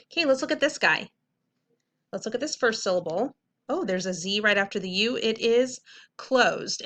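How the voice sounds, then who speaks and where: A young woman teaches a reading lesson with a bright, clear tone. She explains step by step and keeps checking in with her middle school students. Her pitch sits in an ordinary middle range. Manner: clear, patient explaining with frequent "okay?" checks.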